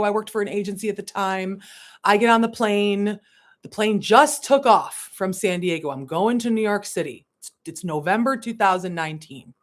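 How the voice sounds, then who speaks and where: A woman spiritual coach giving a candid livestream monologue, laughing and swearing, swinging between hushed asides and emphatic bursts. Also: mid-range voice.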